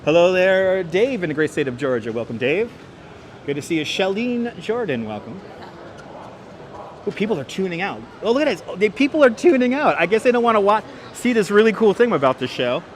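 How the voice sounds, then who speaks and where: His voice is high, sing-song and brisk as he leads a cheerful walking livestream through the city and into a large indoor station hall. Reading the chat, the host welcomes viewers by name over a wireless clip-on mic, and there's slight background noise.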